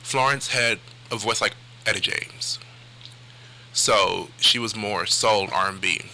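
Low-voiced male guest, bright tone. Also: takes it slowly, low-quality recording. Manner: hesitant, with fillers. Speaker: music historian guest. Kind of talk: radio interview answers. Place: radio studio.

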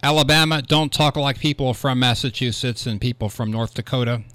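A man hosts a relaxed radio conversation and asks curious questions. His voice is bright and forward, and it is recorded dry and close. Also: medium pitch, fairly quick, no room sound. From Ohio, United States. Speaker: radio host. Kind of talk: casual radio chat.

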